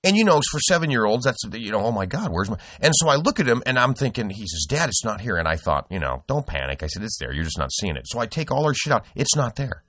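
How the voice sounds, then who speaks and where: A man's voice: medium pitch, big pitch swings, quick pace, hardly any pauses, a bit bright, no room sound, studio quality. A middle-aged man hosting a podcast, telling a rambling, profane story with lots of restarts. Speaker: podcast host. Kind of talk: casual podcast chat.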